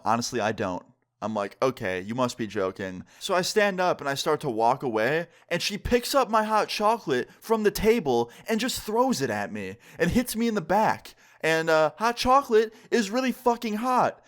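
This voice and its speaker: A young man casually telling a story time to his viewers, acting out the quoted lines with jumps in pitch.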